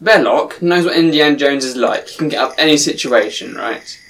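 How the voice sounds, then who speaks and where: A man's voice: medium pitch, expressive, fairly quick, a bit bright. A man, musing in a casual film chat and often hedging with uncertainty. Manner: musing, unsure, hedges with "I think". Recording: distant mic, faint noise.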